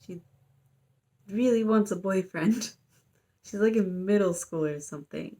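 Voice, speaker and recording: A young woman talks in a loose, rambling way, padding her sentences with fillers. She recaps things casually and breaks into playful little quotes as she goes. Her pitch sits in an ordinary middle range. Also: measured pace, long pauses, dark tone. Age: young adult. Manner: chatty, filler-heavy, playful quoting. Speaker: student vlogger.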